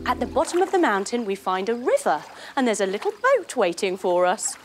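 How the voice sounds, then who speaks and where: A woman's voice: a little high, big pitch swings, fairly quick, soft background music. A young woman leading a children's yoga story, playful and singsong, full of sound effects and movement cues. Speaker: kids yoga instructor. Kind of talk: guided kids yoga story.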